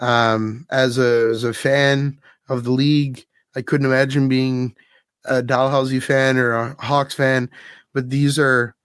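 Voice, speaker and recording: A man hosting a podcast in casual chat, telling an animated story and laughing often. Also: medium pitch, a little slow, clear, resonant tone, no echo, studio quality. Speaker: podcast host.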